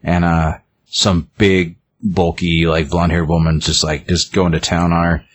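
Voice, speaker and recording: A man with a very low voice retells a film scene by scene in a loose, casual way. He rambles, restarting phrases and leaning on fillers as he goes. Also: flat delivery, unhurried. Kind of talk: casual chat.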